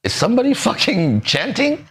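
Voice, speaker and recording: Animated profane man telling a story. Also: sits high, moderate pace. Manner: animated, profane, acts out others' voices. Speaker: podcast host. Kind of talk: casual storytelling.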